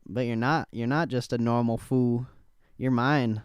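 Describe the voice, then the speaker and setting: Brief: young male stream host, casual and profane, unhurried, dry close mic. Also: medium pitch, steady tone, clean tone, no room sound. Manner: laid-back, swears casually, laughs often, talks to chat. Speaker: stock trading livestream host. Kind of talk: casual live-stream chat.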